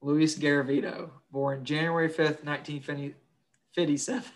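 A man's voice: a little high, flat delivery, unhurried. A young man co-hosting a casual podcast, crude and joking, swearing freely. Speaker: podcast co-host.

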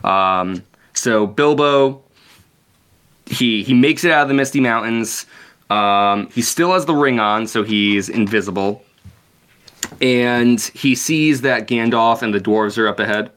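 A man's voice: medium pitch, measured pace, a bit bright, smooth. A man casually summarizing a book chapter on a podcast, laid-back and profane, with lots of fillers and "like". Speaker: podcast co-host. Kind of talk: casual book-club chat.

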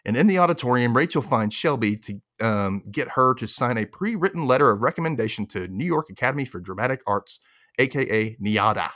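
A young man hosting a podcast, recapping a TV episode in an animated, chatty way and laughing at his own jokes. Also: medium pitch, a little fast. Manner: animated, chatty, self-amused with frequent laughs. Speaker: podcast host.

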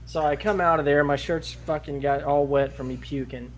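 A man's voice: on the high side, steady tone, normal speed. Profane story-telling podcast guy. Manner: rambling, profane storytelling with laughs. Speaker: podcast co-host. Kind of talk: casual podcast chat.

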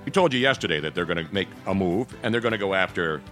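A man's voice: low voice, animated, quick pace, loud music behind the voice. A man hosting a casual sports talk show, joking and rambling between topics.

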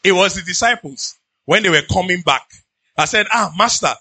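A pastor with a Nigerian accent preaching in an animated, conversational way, slipping into pidgin asides. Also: male voice, high voice, moderate pace, no room sound. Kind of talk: sermon.

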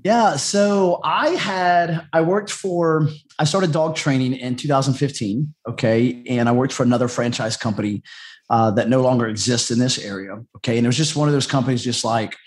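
A man, a dog trainer telling his story as a podcast guest, rambling and chatty with many restarts. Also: mid-range voice. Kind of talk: casual storytelling interview.

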